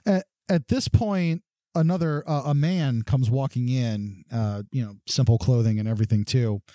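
A man running a tabletop role-playing game, narrating scenes in a loose, rambling way full of "you know" and "kinda". His voice is mid-pitched and mellow, and the sound is dry and close. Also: moderate pace, no echo. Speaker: game master.

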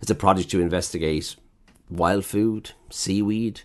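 A man's voice: low-pitched, steady tone, measured pace. A man who runs restaurants, telling blunt, profane stories about customers in a casual conversation, acting out their lines. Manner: blunt storyteller who swears freely and acts out customers. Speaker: chef and restaurant owner.

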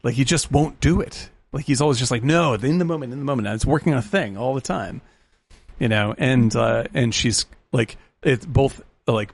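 A man with a gravelly, fry-edged voice talks films on a podcast. He rambles with enthusiasm and swears freely. His pitch sits in a middle range for a man. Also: moderate pace, dry recording. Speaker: podcast co-host. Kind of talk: casual film chat.

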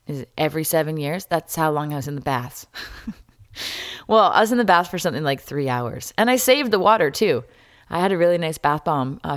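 A woman hosting a solo podcast, talking candidly and wryly, jumping between loud jokes and quiet asides. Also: low voice, no echo, clean studio sound. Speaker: podcast host.

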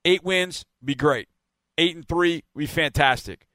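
A man's voice: a little high, a little slow, bright, forceful tone, no room sound. A man hosting a team podcast, wrapping up in a chatty, rambling way with laughs. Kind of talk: casual radio-style sign-off.

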